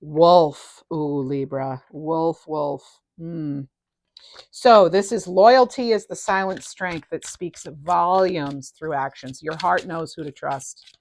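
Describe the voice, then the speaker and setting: A middle-aged woman giving a casual tarot reading, enthusiastic and animated, her voice rising and falling in loudness. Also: low-pitched, takes it slowly, dry recording. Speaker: tarot reader.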